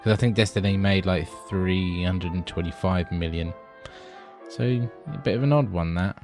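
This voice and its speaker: A man's voice: sits low, normal speed, over music. A man co-hosting a casual gaming podcast, laid-back and easily amused, with casual swearing. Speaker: podcast co-host. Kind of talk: casual gaming news chat.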